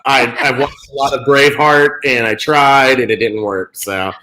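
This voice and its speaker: A man's voice: mid-range voice, steady tone, moderate pace, pushed and bright, poor audio. Chatty man in his late thirties. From North Carolina. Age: 30s. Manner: friendly, laughs easily, chatty with fillers. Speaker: guest musician. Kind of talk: casual interview chat.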